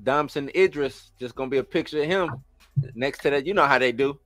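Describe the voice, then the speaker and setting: A man's voice: medium pitch, fairly quick, a bit bright, no echo. A man co-hosting a casual podcast, teasing and emphatic in his banter. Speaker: podcast co-host.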